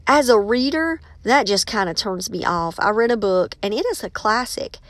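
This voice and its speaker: A woman's voice: mid-range voice, lively intonation, normal speed, fairly bright tone, no room sound. A woman, a teacher and author giving casual, emphatic advice and calling her listeners y'all.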